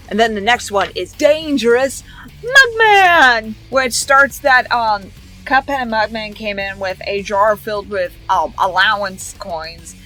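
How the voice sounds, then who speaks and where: A show reviewer, a woman with a mid-range, pushed and bright voice, recaps cartoon episodes casually and ramblingly. She strings events together with "and then" and "like," adding giggly asides.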